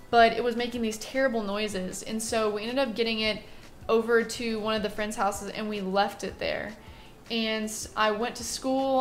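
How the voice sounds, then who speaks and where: A young woman vlogger telling a story to camera in a chatty, self-deprecating, animated way. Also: on the high side.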